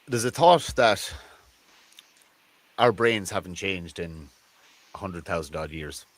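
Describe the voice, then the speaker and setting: An Irish man with a very low voice speaks as a podcast guest. He muses aloud, stumbling over and repeating words as he works through his thoughts. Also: expressive, slow. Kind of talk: conversational interview.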